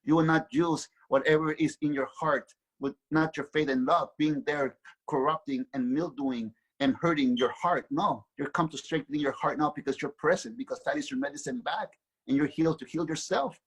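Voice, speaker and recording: A woman's voice: deep voice, normal speed, slightly rough, rough recording. Sex: female. Figure: divine mother a man voicing her. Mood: solemn. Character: gentle divine mother, urgent and loving.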